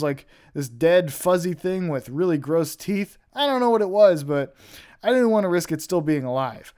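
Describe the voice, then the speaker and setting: A man's voice: fairly high pitch, a little mellow. A young man hosting a podcast, telling stories in a rambling, offhand way with casual swearing. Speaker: podcast host. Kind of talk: casual storytelling monologue.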